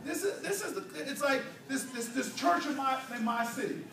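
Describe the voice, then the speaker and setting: With an extremely high, pushed and bright voice at a moderate pace, a male political speaker rouses a church hall crowd in preacherly style, mixing playful tales with call and response. A distant mic catches the hall's echo, the audience, and slight background noise.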